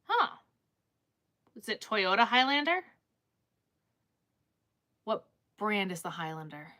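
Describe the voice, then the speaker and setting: A woman talking casually to her viewers on a live stream. Her voice is bright and forward, middling in pitch, and she rambles loosely, restarting sentences and leaning on filler words. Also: sing-song, slow. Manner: rambling, chatty, lots of "like" and restarts.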